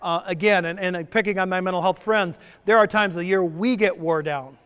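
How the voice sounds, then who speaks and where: A middle-aged male presenter gives a conference talk, peppering it with jokes and questions to the audience. His voice sits high and sounds smooth. Long reverb from the resort conference hall trails his words. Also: fairly even intonation, fairly quick, a bit bright. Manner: joking, asks the audience questions. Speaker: presenter at a stress summit.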